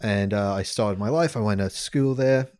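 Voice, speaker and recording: A podcast host with a lowish voice and moderate pace casually tells a funny story, laughing often, in a dry, studio-quality recording. He is animated and slips into a mock British accent for quotes.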